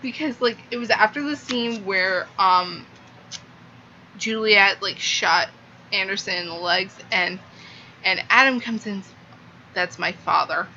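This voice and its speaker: Young female book vlogger, bright voice, unhurried, rambling fangirl energy, faint room hiss. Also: mid-range voice, highs cut off. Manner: gushing, rambling, many "like" fillers. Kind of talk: casual book review vlog.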